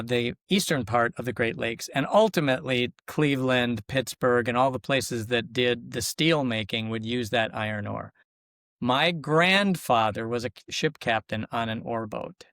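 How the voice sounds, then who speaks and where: A man's voice: medium pitch, fairly bright tone, no echo, clean studio sound. A man in his seventies from Minnesota, with a Minnesotan accent, reflecting and telling stories as a podcast guest. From Minnesota, USA. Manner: reflective, storytelling, thinks aloud with restarts. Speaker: guest, local government consultant. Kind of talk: casual podcast interview.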